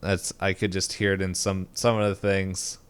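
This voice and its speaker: A man's voice: sits low, little pitch movement, clear, resonant tone. A man casually recapping a cartoon episode on a podcast, rambling with fillers. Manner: rambling, lots of fillers, acts out characters' lines in quick voices. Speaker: podcast co-host.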